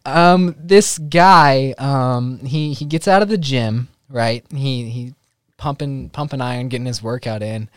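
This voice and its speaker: Podcast host dude, medium voice, dry sound, rambly laid-back storytelling. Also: male voice, medium pitch, a little slow, smooth, no room sound. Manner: loose storytelling with fillers and chuckles. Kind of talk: casual podcast chat.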